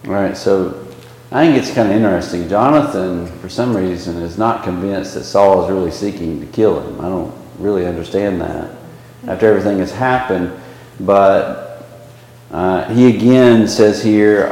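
A man teaches a small church Bible class in a loose, conversational way, stopping to restart his sentences. His voice sits on the low side. The room is very echoey, with a long reverb tail. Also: normal speed, darkish tone. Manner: conversational, with frequent fillers and restarts.

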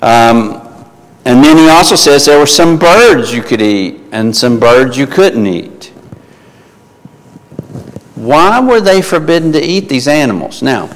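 A man teaching from the Bible in a relaxed, halting way, with frequent fillers and restarts. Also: mid-range voice. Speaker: preacher. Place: large room with echo. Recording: long reverb in a large room.

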